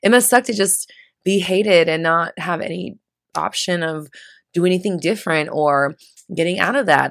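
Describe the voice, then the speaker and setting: Woman host, casual monologue, low gravelly voice with fry, sarcastic edge, dry close sound. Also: moderate pace, a bit bright, no room sound. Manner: chatty, swears casually; teasing, sarcastic asides. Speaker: podcast host. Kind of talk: casual spiritual talk monologue.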